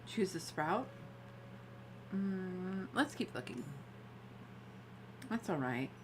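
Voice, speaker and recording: A woman gives casual gameplay commentary as a streamer, chatty and given to giggling while she thinks aloud. Her voice sits low for a woman but swings widely and expressively in pitch. A faint hum of ambience lies underneath. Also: animated, extremely slow. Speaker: game streamer.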